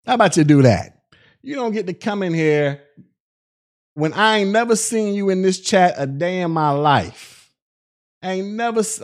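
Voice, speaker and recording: A man's voice: high-pitched, a little mellow. A male podcast host on a live stream, ranting in a profane, mocking way at critics.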